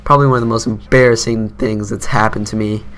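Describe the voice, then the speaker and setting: A man's voice: on the low side, steady tone, fast talker, a bit bright, a little hiss or hum. A teenage boy doing casual gameplay commentary, telling a story in a rambling, self-mocking way. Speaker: gaming commentator.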